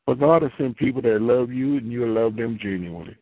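A man's voice: mid-range voice, fairly quick, no echo. A man preaching in a loose, conversational way, repeating phrases and building into fervent prayer. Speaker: pastor. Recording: tinny phone-line radio audio.

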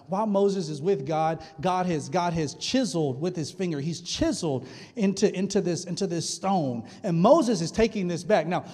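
A man's voice: high-pitched, a little mellow. A male pastor preaching a sermon, retelling scripture in a casual, humorous way. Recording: long hall reverb.

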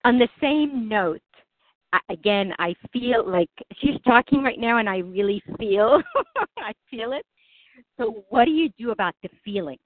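A woman's voice: fairly high pitch, animated, a little slow, dry recording. A woman on a group call, asking hesitant questions and laughing easily. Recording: dry tinny phone line.

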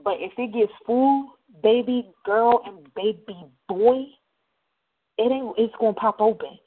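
A woman hosting her radio show, telling a story in a loose, slangy, animated way. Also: on the high side, unhurried, breathy edge, narrow, tinny audio. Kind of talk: casual monologue. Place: New Jersey.

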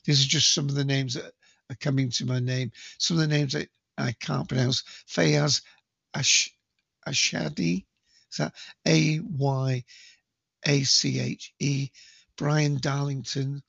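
Man, podcast host, gravelly voice, dry close sound, dull lo-fi recording, stumbling casual news reading. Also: medium pitch, little pitch movement, a little slow, a bit bright, no room sound. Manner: hesitant, many ums and restarts.

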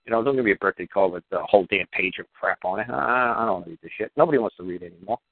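A man's voice: fairly low pitch, rapid-fire, dry recording. A man hosting a call-in radio show, talking in a blunt, profane, rambling and emphatic way, over a tinny phone-like line with dry sound.

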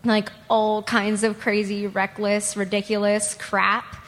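A woman from a convention audience telling a personal story, candid, blunt and quick to giggle. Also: mid-range voice, level tone, fairly bright tone. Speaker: audience member at a fan panel. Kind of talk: personal story told to a panel. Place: convention panel room. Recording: long hall reverb at a convention panel.

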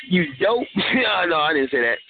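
This radio show co-host has a high voice with huge pitch swings and a measured pace. Over a tinny, faintly noisy phone line, he keeps the call-in banter casual, joking, rambling and laughing often.

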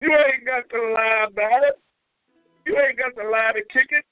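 A man hosting a call-in comedy show, ranting loudly and profanely with whooping shouts, heard over a tinny phone line. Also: extremely high pitch, normal speed, no echo, faint music behind. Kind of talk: comedic call-in radio rant.

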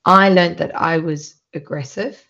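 A woman's voice: fairly low pitch, steady tone, measured pace, vocal fry, sharp tone. A woman from South Africa with a South African accent, hosting a podcast in casual chat, teasing and upfront in how she talks. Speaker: podcast host. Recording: dull lo-fi podcast audio.

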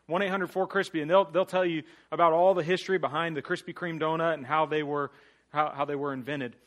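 A man delivering a guest sermon in a slightly higher voice. He moves between soft, earnest appeals and loud rallying calls to the congregation. Playful jokes break up the message. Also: fairly even intonation, brisk. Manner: swings from hushed earnest pleading to loud rallying call-and-response; playful, jokey asides to the congregation. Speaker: guest preacher.

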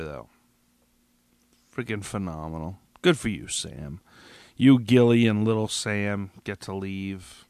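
A man's voice: lowish voice, a bit bright, clear, resonant tone, dry recording, clean studio sound. A man hosting a podcast, reacting alone to a TV finale in an agitated, profane, rambling way with many restarts, a little tipsy. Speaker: podcast host. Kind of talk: solo episode reaction rant.

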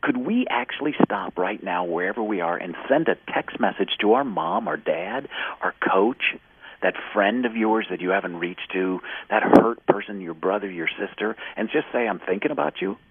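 A man appears as an interview guest, passionate and emphatic, giving energetic motivational talk and acting out the dialogue of people in his stories. His lowish, husky voice has lively intonation and a moderate pace. It comes over a tinny, phone-like line with a bit of hiss or hum.

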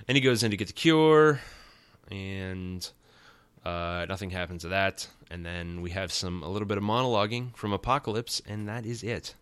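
Deep-voiced man with bright, sharp tone. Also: moderate pace, clear, resonant tone, dry recording. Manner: rambling, wry and sarcastic asides. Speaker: podcast host. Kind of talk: casual comic recap.

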